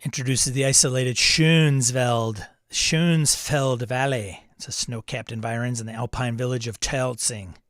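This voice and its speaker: A man's voice: medium pitch, fairly even intonation, a little slow, few pauses, a bit bright, dry recording, clean studio sound. A man hosting a casual live stream about tabletop games, chatting loosely and reading out messages from chat. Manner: chatty, rambling, reads chat aloud. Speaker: host.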